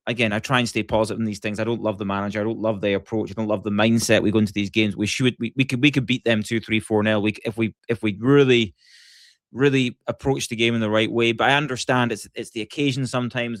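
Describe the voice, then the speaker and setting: A man's voice: medium pitch, no room sound, clean studio sound. A Scottish man co-hosting a casual podcast chat, enthusiastic and rambling, with many restarts and the odd swear. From Scotland. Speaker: podcast co-host.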